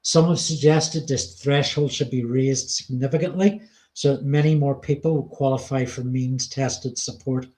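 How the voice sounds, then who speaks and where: A man's voice: medium pitch, fairly even intonation, normal speed, darkish tone. A British man co-hosting a podcast, reading policy notes aloud with frequent ums and casual swearing. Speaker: podcast co-host.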